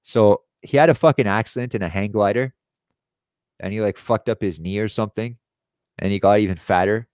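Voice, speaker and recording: A man's voice: on the low side, fairly quick, dry recording, studio quality. A man in his thirties hosting a live stream, telling long profane anecdotes in a rambling casual way and acting out the other people in them. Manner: profane, animated storytelling with quoted voices.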